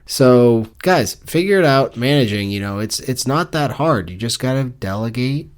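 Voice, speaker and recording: A man co-hosting a podcast, discussing a book casually with a joking, deadpan tone of mock business talk. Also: mid-range voice, moderate pace, few pauses. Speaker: podcast co-host.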